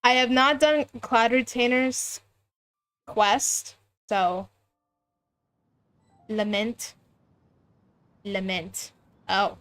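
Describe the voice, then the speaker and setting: A woman's voice: on the high side, fairly even intonation, drawn-out words, pauses often, fairly bright tone, clean tone, no room sound. Giggly soprano woman streaming a game. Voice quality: light soprano voice. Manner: chatty, giggly, lots of restarts. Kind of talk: casual livestream chat while gaming.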